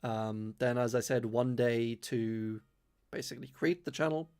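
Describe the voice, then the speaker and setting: A man's voice: medium pitch, measured pace, darkish tone, clear, resonant tone. A young man from London whose accent blends London speech with a slight Irish twang, chatting casually on a live-stream Q&A and rambling with many fillers. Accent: London mixed with slight Irish twang. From London, England. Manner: careful enunciation. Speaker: streamer answering viewer questions.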